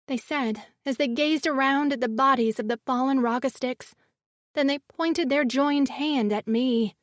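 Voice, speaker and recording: A woman narrating a sci-fi romance audiobook in the first person, with measured, dramatic storytelling. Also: high-pitched, no room sound, clean studio sound.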